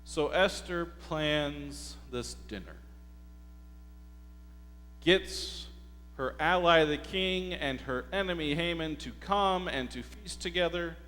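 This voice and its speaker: Slow-paced pastor in a reverberant church. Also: male voice, fairly high pitch, fairly bright tone. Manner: slow, deliberate storytelling with rhetorical questions to the congregation. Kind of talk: sermon. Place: church sanctuary. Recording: hall reverb with faint mains hum.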